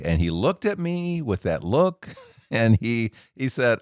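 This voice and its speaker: A middle-aged man hosting a show, telling a personal story in an animated way and acting out the dialogue. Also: fairly quick, no room sound, studio quality. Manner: animated, acts out dialogue with big pitch jumps. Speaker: podcast host. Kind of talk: storytelling monologue.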